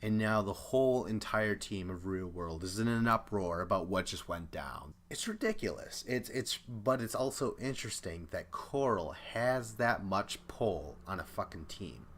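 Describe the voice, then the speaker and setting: A man's voice: lowish voice, lively intonation, measured pace, few pauses, a bit bright. A young man hosting a podcast, giving a chatty, opinionated recap and acting out the quotes. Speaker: podcast host. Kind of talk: casual recap commentary.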